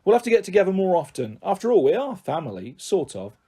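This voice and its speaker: A brisk, self-centred middle-aged aunt, put on by a male reader, who chatters and brushes others off. She sounds a little high and soft-edged. She is bossy and never stops talking. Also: big pitch swings, breathy edge, heavily acted. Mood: gushing.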